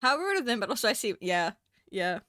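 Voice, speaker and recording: A woman's voice: mid-range voice, very animated, fairly quick, bright, forceful tone, no echo, clean studio sound. A woman from New Zealand with a Kiwi accent, chatting casually on a stream and laughing often at herself. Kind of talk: casual stream chat while drawing.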